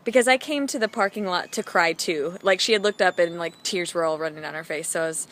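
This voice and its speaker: A woman vlogger telling a personal story in a chatty, animated way, full of "like" fillers. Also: lowish voice, fairly quick.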